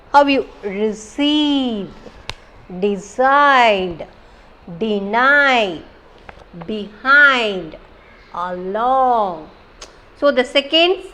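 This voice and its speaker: A woman teaching English with an Indian English accent. Her voice sits a little high and she takes her time, explaining step by step. She repeats example words so students can follow. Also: fairly bright tone. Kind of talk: classroom lesson.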